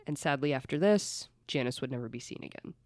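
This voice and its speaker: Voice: medium pitch, expressive, fast talker, no room sound. A podcast host telling a true-crime story in casual, blunt chat and swearing freely.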